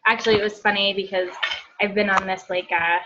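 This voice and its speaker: A woman's voice: medium pitch, fairly even intonation, fairly quick, muffled recording, background noise. A woman in her thirties, a therapist, chatting casually and rambling with lots of likes and ums. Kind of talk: casual group chat.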